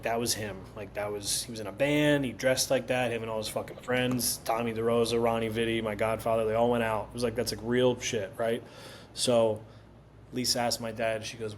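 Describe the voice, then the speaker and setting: A man on a podcast as a comedian guest, telling animated stories with swearing and lots of laughter. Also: mid-range voice, a little hiss or hum. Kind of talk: casual podcast chat.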